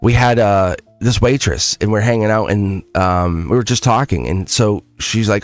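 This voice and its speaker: Lively, low-voiced male tarot streamer. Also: moderate pace, hardly any pauses, dry recording. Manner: rambling, animated storytelling with many restarts; earnest, coaxing address to viewers. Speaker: tarot reader and live stream host; schoolteacher. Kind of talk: casual live-stream chat and tarot reading.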